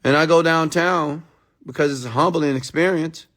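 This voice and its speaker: This man's voice is on the high side and a bit bright, with fairly even intonation at normal speed. He gives a blunt, preachy motivational monologue, emphatic and full of profanity, peppering listeners with rhetorical questions.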